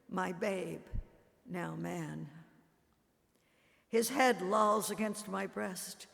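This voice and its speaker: A man's voice: high-pitched, gravelly. A man giving a dramatic first-person devotional reading at a Good Friday service, grief-stricken and rising to anguished cries. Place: church. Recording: long church reverb.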